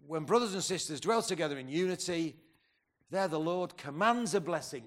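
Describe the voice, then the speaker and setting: Guy in his 50s preaching at a conference, pumped up, keeps asking the crowd stuff, kinda high voice. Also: lively intonation, normal speed, a bit bright. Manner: rousing, asks the crowd questions, stumbles and restarts. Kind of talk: conference sermon.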